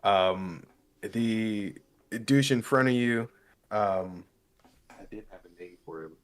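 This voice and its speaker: A man's voice: fairly low pitch, slow pace. A man narrating a tabletop game as game master, in a casual, rambling way with many fillers.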